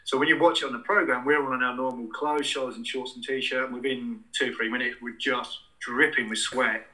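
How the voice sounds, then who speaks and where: Man, very bright sharp tone, rambling casual anecdotes, interview guest. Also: mid-range voice, steady tone, a little fast, poor audio. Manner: rambling anecdotal, many restarts and fillers. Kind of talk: casual storytelling.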